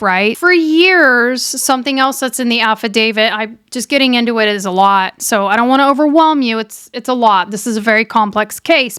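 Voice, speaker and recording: A woman's voice: on the high side, smooth, no room sound, studio quality. A woman telling a true crime case in a conversational, emphatic way, often speaking straight to her viewers. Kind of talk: true crime storytelling to camera.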